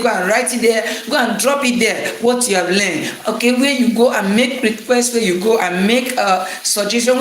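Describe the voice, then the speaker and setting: A man's voice: high voice, roomy sound, a little hiss or hum. A man teaching anatomy in a motivational lecture, driving his points home with rhythmic, preacher-like repetition.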